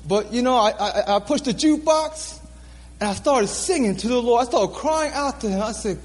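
A man with a high, animated voice gives a sermon in a church hall. He speaks earnestly, repeating key phrases for emphasis. The room adds a long reverb. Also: moderate pace. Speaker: preacher. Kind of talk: sermon testimony.

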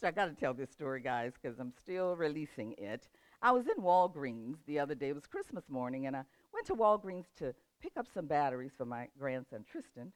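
An older woman laughs often while telling a lively story, then shifts into a relaxed motivational talk about setting goals. Her voice sits low, in a dry recording.

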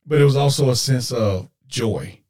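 A man's voice: mid-range voice, normal speed, a little mellow. A man hosting a podcast, telling a personal story earnestly and emotionally, with preacher-like asides to listeners he calls guys. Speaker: podcast host.

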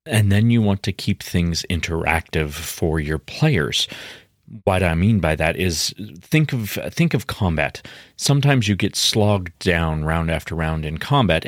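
Deep-voiced man giving game-master advice. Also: dry recording, clean studio sound. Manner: earnest, explanatory, with frequent restarts. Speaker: podcast host, game master. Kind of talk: instructional podcast talk.

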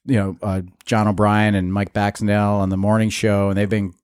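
Easygoing low-voiced man from Western Massachusetts. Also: level tone, a little fast, a little mellow, smooth, dry recording, clean studio sound. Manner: easygoing, stammers a little. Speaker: co-host. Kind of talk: casual chat.

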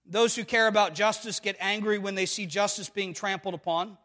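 A man's voice: high-pitched, fairly even intonation, a little fast, sharp tone, long reverb tail. A man preaching a sermon, emphatic and full of rhetorical questions to the congregation. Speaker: pastor.

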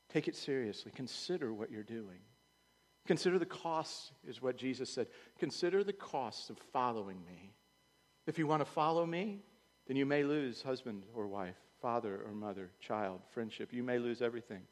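Male pastor, mid-pitched; animated sermon delivery with long hall reverb. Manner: animated preaching, swings from loud urging to quiet. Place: church sanctuary.

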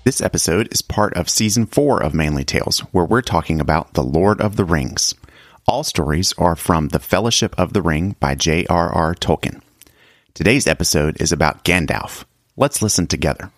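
A man's voice: low-pitched, animated, normal speed, dry recording, clean studio sound. A man hosting a family podcast, reading an upbeat scripted introduction. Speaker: podcast host. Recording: voice over loud music. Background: loud music.

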